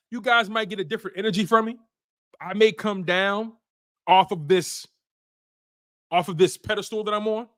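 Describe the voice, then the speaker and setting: Heated male sports host ranting. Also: high-pitched. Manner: heated, repetitive, swings to shouting. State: emotional and worked up. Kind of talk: livestream sports rant reading viewer chats.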